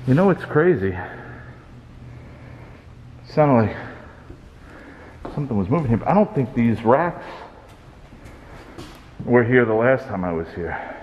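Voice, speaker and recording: A man's voice: medium pitch, a little slow, pauses often, big-room sound, lo-fi sound, slight background noise. A man ghost-hunting in an abandoned nightclub, calling out to spirits, easily startled, recorded on a handheld camera. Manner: talks to unseen spirits, jumpy and excitable. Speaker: paranormal vlogger. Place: large empty abandoned nightclub. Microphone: handheld camera mic.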